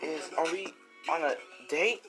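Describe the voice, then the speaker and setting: A man's voice: a little high, unhurried, pitched above the performer's own voice, natural voice. Guy doing a shy flustered teen girl, stutters a bit, music in the back. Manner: stammering, hesitant. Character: shy, flustered teenage girl hero student. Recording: music playing behind.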